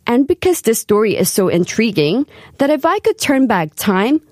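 A woman hosting a scripted radio segment, reading carefully with lively emphasis. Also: a little high, moderate pace, no room sound, studio quality. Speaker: radio host.

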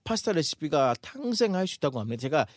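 A man co-hosting a radio show, talking in a rapid, upbeat, announcer-like manner. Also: fairly high pitch, sing-song, dry recording. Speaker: radio co-host. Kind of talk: bilingual radio chat.

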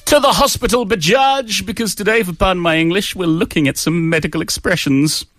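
A man's voice: high-pitched, brisk, a bit bright, no echo, clean studio sound. A man co-hosting a casual chat about English idioms, easygoing and joking as he tells word origins. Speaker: co-host.

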